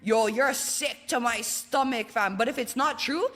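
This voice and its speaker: A woman's voice: fairly high pitch, unhurried, a bit bright, faint music behind. A woman with a Toronto accent ranting casually in blunt, slangy language. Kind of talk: casual rant.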